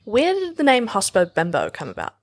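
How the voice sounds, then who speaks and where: A woman's voice: mid-range voice, a little fast. A woman hosting a podcast who chats casually, chiming in with playful, supportive comments. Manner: lively, supportive, playful interjections. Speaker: podcast host. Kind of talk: casual chat.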